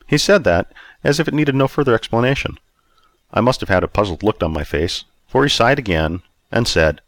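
A man's voice: sits low, expressive, a little fast, fairly bright tone, no echo. A man narrating a first-person story aloud in a wry, self-mocking way. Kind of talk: audiobook reading.

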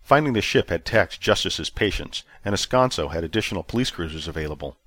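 A man reading a story as narrator, with clear, expressive storytelling. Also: sits low, fast talker, no room sound. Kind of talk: scripted narration.

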